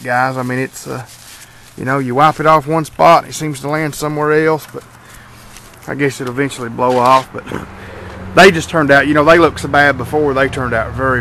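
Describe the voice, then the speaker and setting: A man's voice: mid-range voice, a bit bright, a little hiss or hum. A young man casually showing off his repainted car outdoors, rambling with fillers and restarts. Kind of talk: casual walkaround vlog.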